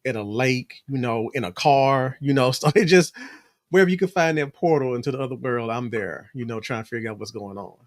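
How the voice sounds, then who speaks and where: A man co-hosting a casual podcast chat, telling stories in an animated way, acting out quotes and laughing often. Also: medium pitch, a little fast, no room sound, clean studio sound. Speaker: podcast co-host.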